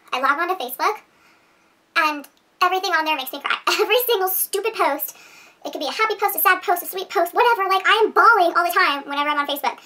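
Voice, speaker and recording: A woman's voice: high-pitched, bright, forceful tone. A pregnant young woman reviewing her makeup favorites to camera, chatting in a bubbly, giggly, rambling way. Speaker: beauty vlogger.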